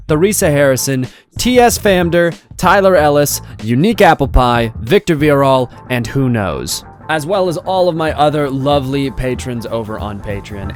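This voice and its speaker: A young man, a content creator, rambling casually to camera with loose, swearing, self-mocking talk. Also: on the high side. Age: young adult.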